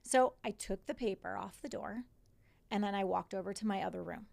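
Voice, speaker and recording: A woman in her forties recounts events as a podcast guest in a casual, animated way. Her voice carries a gravelly fry at a middle pitch. She often slips into quoting others and swears freely. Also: fairly quick. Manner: animated retelling with quoted dialogue and swearing. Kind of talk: casual storytelling in conversation.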